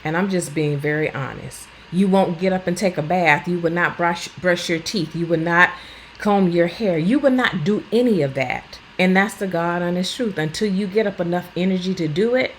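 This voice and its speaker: A woman's voice: on the low side, normal speed, slight background noise, rough recording. A woman in her fifties, a vlogger talking at home while she cleans, earnest and blunt in a plainspoken way. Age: 50s. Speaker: lifestyle vlogger. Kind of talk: casual talk while cleaning.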